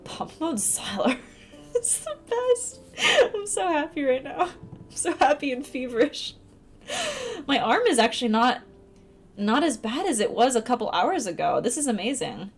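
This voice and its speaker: A young woman live-streaming a dating sim, commenting casually, reading lines aloud and breaking into high laughter. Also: big pitch swings, moderate pace, creaky. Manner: giggly, bursts into high laughter. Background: faint game music.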